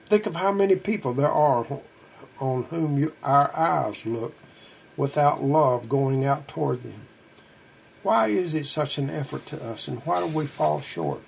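A man's voice: a little high, creaky, a little hiss or hum. A middle-aged man preaching a sermon, earnest and pleading, asking his listeners question after question.

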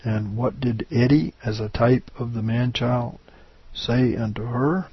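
A man's voice: medium pitch, fairly even intonation, unhurried, husky, dry recording. A man preaching a sermon, reading scripture verses with rising emphasis and often asking the listeners "right?". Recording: dull lo-fi recording.

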